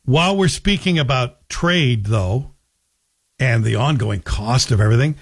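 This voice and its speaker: A man's voice: mid-range voice, lively intonation, unhurried, creaky, husky. A man hosting a radio talk show, delivering a sardonic, joking opinion monologue. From Scotland. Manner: sardonic, joking, slips into a Scottish voice for anecdotes.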